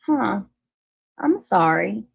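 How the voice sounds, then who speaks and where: A woman hosting a casual livestream, chatting with viewers and reading their comments, warm toward them and quick to apologize. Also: mid-range voice, sing-song, creaky, slightly rough, dry recording, lo-fi sound. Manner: chatty, apologetic, laughs easily, restarts often. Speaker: livestream host.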